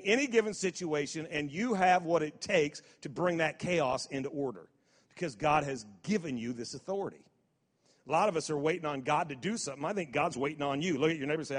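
Emphatic high-voiced man preaching. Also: a bit bright. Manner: repeats words and restarts, rises to emphatic declarations. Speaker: pastor. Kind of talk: sermon. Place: church service hall. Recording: long hall reverb.

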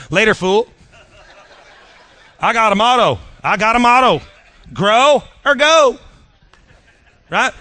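A middle-aged male pastor preaching a sermon in an animated, joking way, often repeating his words. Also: high voice, takes it slowly, pauses often, no echo.

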